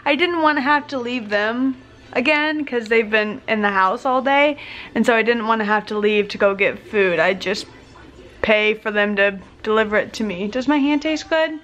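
A woman's voice: mid-range voice, normal speed, fairly bright tone. A young woman chatting casually in a home vlog, a bit out of breath and tired, sometimes cooing at dogs in baby talk. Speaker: vlogger. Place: house, indoors.

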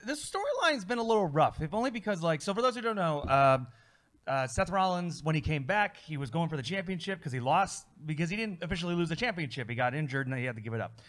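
Male co-host, casual chat, lively recapper who slips into quick impressions, voice on the higher side. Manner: animated, recaps storylines with quick acted quotes.

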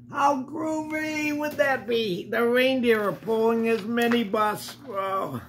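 A man's voice: sits high, takes it slowly, few pauses, fairly bright tone, slight background noise. An older man reading a picture book aloud to children, breaking off for chatty asides to the kids. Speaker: storybook reader.

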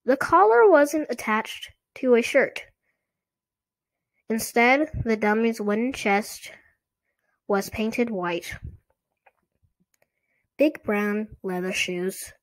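Slow, deliberate woman narrating a story. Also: mid-range voice.

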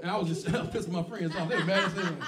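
On a comedy club stage, a man performs stand-up in a high voice, talking fast as he tells loud, animated stories and acts out the people in them with quoted lines. The roomy club sound is captured from a distance, with loud audience laughter in the background.

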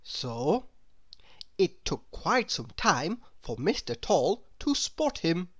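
A woman reading a children's picture book aloud in a slow, expressive, sing-song storytelling voice. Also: on the low side, no room sound, clean studio sound. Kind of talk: children's read-aloud narration.

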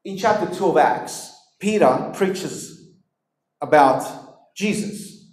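A man preaching a sermon in an animated, emphatic way, talking straight to his listeners. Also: on the high side, slow. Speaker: pastor. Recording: echoey room.

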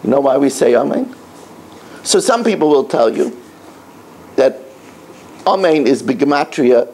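Animated, gravelly rabbi telling stories. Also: male voice, medium pitch, measured pace. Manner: animated storytelling, emphatic repetition. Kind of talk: sermon to schoolboys.

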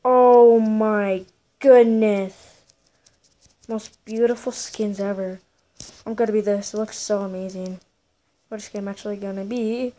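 A woman giving excitable gameplay commentary as a gaming YouTuber, full of gasps, exclamations and playful sing-song bits. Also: medium pitch, normal speed.

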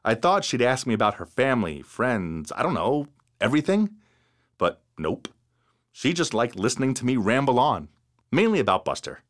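A man narrating an animated story in a scripted, expressive first-person style. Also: mid-range voice, moderate pace.

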